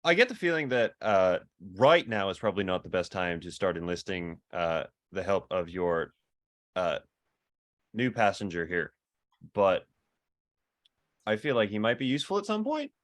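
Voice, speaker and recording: A chatty man plays in a tabletop role-playing game. His voice sits fairly low but swings animatedly up and down. He talks casually and eagerly. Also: expressive, normal speed, pauses often. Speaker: player.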